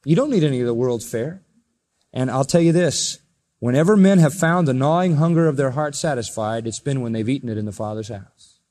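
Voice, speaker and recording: A man preaching a sermon, telling the story with emphasis and swinging between loud and soft passages. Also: mid-range voice, animated, brisk. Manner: storytelling, emphatic, rises and drops in volume. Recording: long reverb of a large hall.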